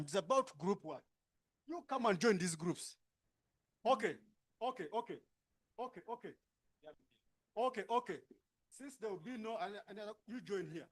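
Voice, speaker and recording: A man with a high-pitched voice and a Ugandan English accent leads a workshop session in a conference room. He gives brisk instructions and keeps checking with tag questions. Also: lively intonation. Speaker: workshop facilitator. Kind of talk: directing participants into groups.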